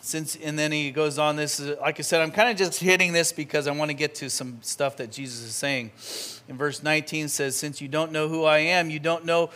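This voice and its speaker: Man, preacher, slightly high voice, lively storytelling, church sermon. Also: fairly quick. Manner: animated, conversational, acts out scenes. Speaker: pastor. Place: church sanctuary.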